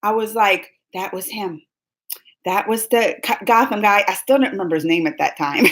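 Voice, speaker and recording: A young woman hosting a live stream, excitedly retelling a fan encounter in casual chat, full of quoted dialogue and squeals. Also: mid-range voice, fairly quick, poor audio. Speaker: livestream host.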